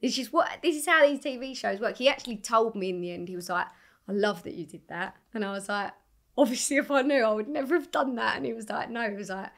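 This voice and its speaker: A young woman, a singer, telling her story in a casual interview, animated and swearing freely as she acts out what people said. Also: mid-range voice, fast, gravelly. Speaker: singer guest.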